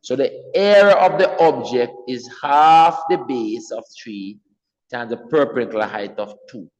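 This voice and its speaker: A man's voice: medium pitch, measured pace, darkish tone, long reverb tail, highs cut off. A man teaching an exam revision math lesson, patiently repeating key points and checking in with his class.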